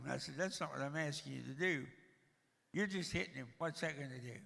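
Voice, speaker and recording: A man's voice: on the high side, fairly quick, creaky, a bit bright, long reverb tail. An older man giving a storytelling talk at a church, with a dry, joking manner. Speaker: guest speaker.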